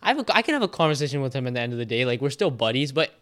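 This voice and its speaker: A Canadian teenage soccer player telling animated stories in a casual podcast chat. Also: male voice, mid-range voice, very fast. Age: teens. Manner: animated storyteller, quotes trash talk.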